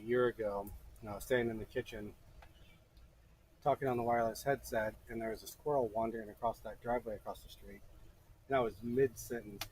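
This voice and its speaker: A man's voice: mid-range voice, darkish tone, slight background noise, low-quality recording. A man working as a blacksmith, giving casual hands-on instruction to a beginner and chatting with stories as he works.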